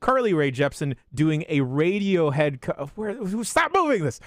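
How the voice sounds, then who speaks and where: A man hosting a podcast, reading a rapid list of listener shout-outs in a deadpan way with crude jokes. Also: dry recording, clean studio sound. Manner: deadpan delivery with sudden pitch jumps and crude jokes.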